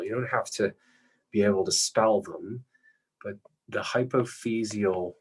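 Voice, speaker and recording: A male lecturer explaining anatomy patiently while drawing, often clearing his throat. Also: fairly low pitch, darkish tone, a little hiss or hum, rough recording.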